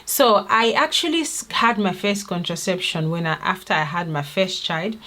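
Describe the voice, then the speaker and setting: A woman vlogger talks straight to her viewers in an earnest, confiding way. Her voice sits a little low, and she keeps pausing to ask the audience about their own experiences. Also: pushed and bright. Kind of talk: personal vlog talk to camera.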